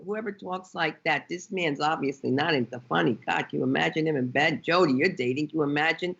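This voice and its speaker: Brassy, bright-voiced female comedian. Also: sits low, fairly quick, gravelly, few pauses, slightly rough. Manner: brassy, animated storytelling with put-on quotes. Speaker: comedian guest. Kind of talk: casual panel chat. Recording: dull lo-fi audio.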